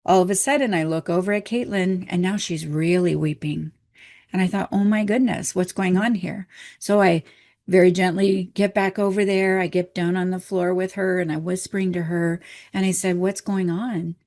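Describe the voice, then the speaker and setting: A middle-aged woman telling a story from her work as a hypnotherapist and spiritual teacher, with soft laughs between her words. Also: fairly low pitch, steady tone, moderate pace. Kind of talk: storytelling lesson.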